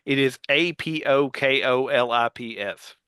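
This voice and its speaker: A man's voice: medium pitch, a little slow, bright, forceful tone, clean tone, no echo. A man co-hosting a casual podcast, rambling with many fillers and restarts. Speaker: podcast co-host. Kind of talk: casual panel chat.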